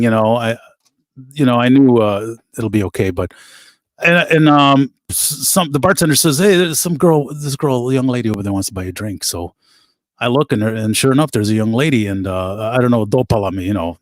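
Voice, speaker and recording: A middle-aged band musician, a guest, telling animated stories in a casual interview, quoting people as he goes. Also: medium pitch, fairly quick, dry recording, studio quality. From United States. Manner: animated anecdotes with laughs and quoted voices.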